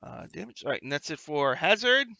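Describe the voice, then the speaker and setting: A man game master narrating a tabletop game over voice chat, his voice gravelly and piercingly bright. He swings his pitch widely and talks in a loose, halting way, and the sound is dry and close. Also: sing-song, no room sound, lo-fi sound. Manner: casual, halting, with many fillers. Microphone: online voice call.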